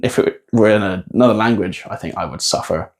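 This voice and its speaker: A man's voice: fairly low pitch, brisk. A man who is a guest on a podcast, speaking in a wry, reflective way with small hesitations. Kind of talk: casual conversational podcast.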